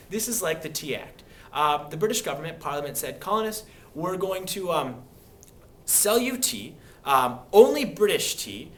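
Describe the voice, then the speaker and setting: A young man teaching history in a casual, animated way, acting out quoted people with sudden voice changes. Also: fairly high pitch. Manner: animated, acts out quoted speakers. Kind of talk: classroom history lecture.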